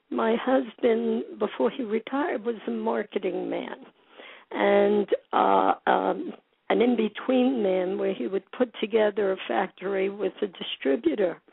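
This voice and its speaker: Gravelly woman therapist on a phone line. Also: fairly high pitch, no echo. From Brooklyn, USA. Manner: thoughtful, self-correcting explanations. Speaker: psychotherapist guest. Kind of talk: phone interview. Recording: tinny phone line, dry.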